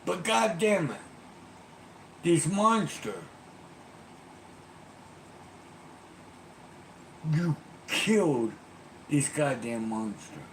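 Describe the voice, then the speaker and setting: A man's voice: medium pitch, fairly quick, roomy sound, slight background noise, pitched above the performer's own voice, natural voice. A man voicing a furious middle-aged man who curses and rants at a little girl. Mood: outraged ranting. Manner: shouting, cursing, ranting.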